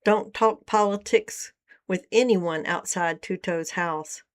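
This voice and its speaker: A woman's voice: medium pitch, slow, lightly acted. A woman reading a wary, guarded man. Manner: quiet, guarded warnings. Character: wary middle-aged man, a traveler.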